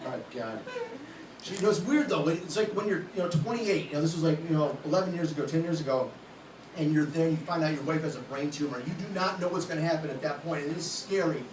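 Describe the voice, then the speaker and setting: A man's voice: fairly high pitch, fast. A man in his late thirties doing a stand-up comedy set on a club stage, joking bluntly and crudely at his own expense. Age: late 30s. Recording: echoey room, distant mic, loud background noise.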